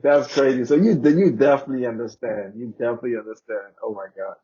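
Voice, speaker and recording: A young man from the Turks and Caicos Islands, a guest in a casual interview, telling stories in an animated way and acting out the voices he quotes. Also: medium pitch, quick pace, slightly rough, dull audio. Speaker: guest, cloud engineer and athlete.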